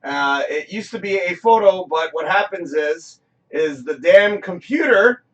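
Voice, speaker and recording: A high-voiced man rambles through a casual live-streamed talk show from his home studio. He's excitable and swears freely.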